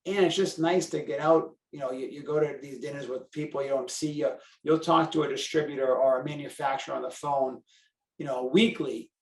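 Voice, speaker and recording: A man's voice: fairly high pitch, fairly even intonation, brisk, far from the mic. A man with a Boston accent talks through a podcast in a loose, rambling way, full of fillers and restarts. His voice sits a little away from the mic and bounces around a roomy space. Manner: chatty, self-deprecating, talks in run-on sentences with fillers. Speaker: carwash operator and convention co-chair. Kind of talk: casual podcast chat.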